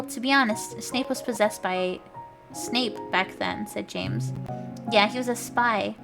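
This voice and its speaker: A woman streamer reading a story aloud for laughs, shouting the quoted lines over the top and breaking off for wry asides. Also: mid-range voice. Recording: clear background music under voice. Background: background music.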